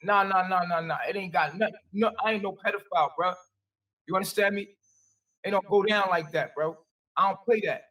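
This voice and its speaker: A man with a high voice defends himself in an interview, repeating himself and using slang. He sounds set back from the microphone. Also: fairly even intonation, fairly quick, bright, forceful tone, far from the mic.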